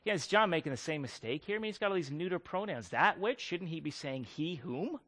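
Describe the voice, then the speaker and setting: A male pastor preaching a sermon, animated and emphatic, putting questions to his congregation. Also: fairly high pitch, fast, in a large hall. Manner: animated preaching with wide swings in loudness, asks the congregation questions.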